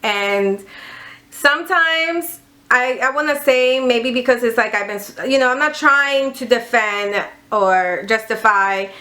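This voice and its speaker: Woman vlogger, higher voice, very bright tone, candid storyteller who acts out the dialogue. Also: unhurried. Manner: animated retelling with quoted dialogue; exasperated and candid, with swearing. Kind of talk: casual storytime vlog.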